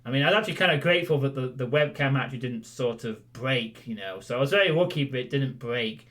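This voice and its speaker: Chatty male streamer with lively pitch. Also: quick pace. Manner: rambling, self-correcting, jokey. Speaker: streamer host. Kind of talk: casual recap talk to viewers.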